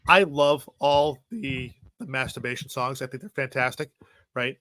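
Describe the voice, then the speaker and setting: A man's voice: mid-range voice, moderate pace, bright, forceful tone, no echo. A man in a casual movie podcast chat, rambling through scenes and tagging lines with "right?". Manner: rambling, keeps asking "right?".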